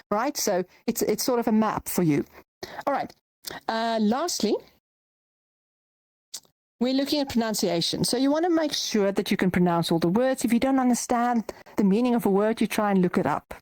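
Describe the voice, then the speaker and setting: A woman's voice: medium pitch, darkish tone, no echo. A woman from South Africa teaching a voice-over workshop, explaining in a conversational way and checking in with "right?" and "okay?". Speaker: voice-over coach. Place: virtual reality platform session.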